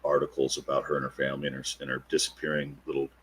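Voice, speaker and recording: A middle-aged man, a podcast guest, retelling a personal encounter in an animated way and acting out the quotes. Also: rumbling low, very fast, husky. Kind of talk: storytelling interview.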